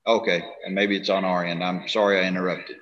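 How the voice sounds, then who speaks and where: A courteous man moderates a public meeting, calling on speakers in a lowish voice. The audio is dull and lo-fi. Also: little pitch movement. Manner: polite, courteous, slightly halting. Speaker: meeting chair.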